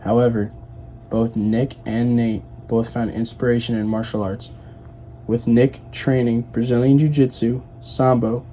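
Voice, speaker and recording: A man reading a documentary narration in a steady, read-aloud way. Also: medium pitch, unhurried, slight background noise. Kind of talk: scripted narration.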